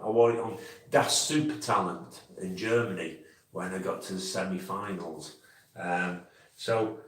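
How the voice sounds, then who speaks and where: A man's voice: on the low side, a bit bright. A man hosting a casual live stream, rambling and chatty with lots of restarts. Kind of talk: casual live chat with viewers. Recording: echoey room, mic at a distance.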